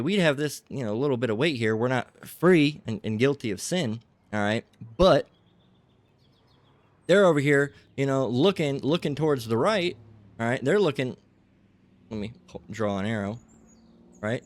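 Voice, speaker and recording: A man's voice: mid-range voice, expressive, normal speed, no echo. A man giving a rambling religious lecture, tagging his points with "okay?" and "all right?". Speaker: religious teacher.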